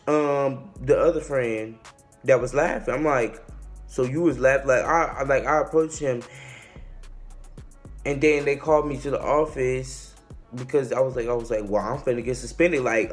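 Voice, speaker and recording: Young man, casual storytime, animated, slangy, average pitch, faint music behind. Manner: animated, acts out shouts and quotes, slangy. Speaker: vlogger.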